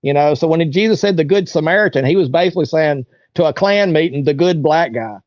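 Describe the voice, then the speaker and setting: A man with a fairly high speaking voice tells his story as an interview guest. He rambles and jumps into the voices of the people he met. The sound is dull and lo-fi, with a dry, close feel. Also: fairly quick, darkish tone, no room sound. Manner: rambling, acts out other people's lines in raised voices.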